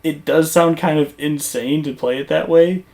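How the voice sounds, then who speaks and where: A gaming YouTuber talking casually over gameplay footage, rambling and conversational with lots of fillers and restarts. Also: male voice, on the high side, fairly even intonation, moderate pace, creaky, a little mellow.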